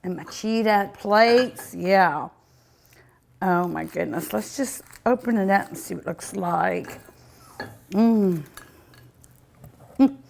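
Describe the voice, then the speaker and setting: A woman's voice: medium pitch, takes it slowly, gravelly, long pauses, a little mellow, slight background noise. A woman hosting a cooking show, tasting her food with many delighted mmms and chatting to her dog and her viewers. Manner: sometimes talks with mouth full. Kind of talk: casual food tasting vlog.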